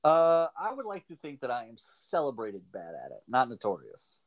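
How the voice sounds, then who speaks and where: A man's voice: medium pitch, normal speed, dull audio. A man hosting a radio show, joking around in a casual, playful way. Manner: jokey, playful, lively delivery.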